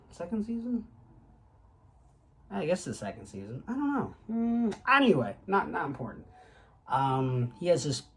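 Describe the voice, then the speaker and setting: A young man in his twenties rambles to the camera, circling back on himself with lots of "um" and "like" and the odd curse. His voice sits at an ordinary middle pitch. A faint ambient hiss runs underneath. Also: low-quality recording. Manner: rambling, with frequent fillers and profanity. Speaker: graduate student. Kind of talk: casual rambling vlog.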